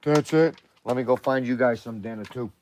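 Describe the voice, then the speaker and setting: A man hosting a casual livestream from outdoors at home, chatting with viewers and cooing softly to his dogs. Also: medium pitch, normal speed, a little hiss or hum. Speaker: livestream host. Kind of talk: casual live chat.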